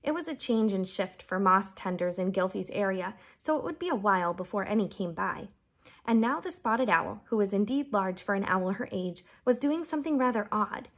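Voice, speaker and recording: A woman's voice: animated, normal speed. Woman reading a children's novel aloud. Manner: lifts her pitch for quoted lines. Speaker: reader.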